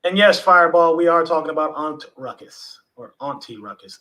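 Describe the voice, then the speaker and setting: A relaxed, chatty man hosts a livestream from home over a video call. His voice sits a little high, and he talks loosely to his viewers, dropping the odd swear word. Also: normal speed, low-quality recording. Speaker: livestream host. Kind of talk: casual livestream chat.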